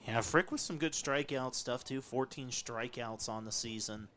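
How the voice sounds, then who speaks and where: A man adds color commentary to a live baseball broadcast from the press box. He talks in a relaxed way, reeling off pitching numbers. His voice sits at an ordinary pitch for a man. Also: normal speed. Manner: relaxed, stat-heavy analysis.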